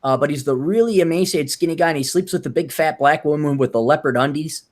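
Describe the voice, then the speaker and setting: A man co-hosting a casual podcast chat, telling sardonic, profane stories and jumping into high mocking voices to quote people. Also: fast talker. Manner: animated storyteller, jumps into high mocking voices when quoting people. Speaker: podcast co-host.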